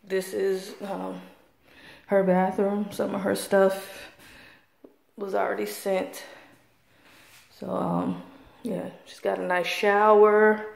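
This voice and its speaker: A woman's voice: mid-range voice, level tone, takes it slowly, gravelly, pauses often. Chatty woman giving a walking house tour. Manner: chatty, rambling, frequent fillers. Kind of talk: casual house tour narration. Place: inside a house, walking room to room.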